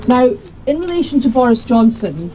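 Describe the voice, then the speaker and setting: A woman's voice: on the high side, very animated, very noisy. Woman politician making a formal rally speech. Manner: formal, measured oratory. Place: outdoor rally.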